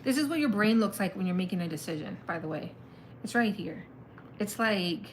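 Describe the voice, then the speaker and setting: A woman reads tarot cards in a loose, chatty way, mulling things over out loud. Her voice sits in an average middle pitch. A faint hum of room ambience stays in the background. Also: expressive, fairly quick, rough recording. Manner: chatty, thinks aloud, exclaims at the cards. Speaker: tarot reader. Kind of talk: casual live tarot reading.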